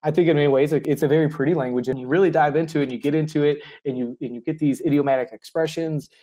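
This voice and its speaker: A man, a high school German teacher, talking casually as a guest in an interview, animated and laughing often as he acts out little quoted exchanges. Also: very fast. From United States.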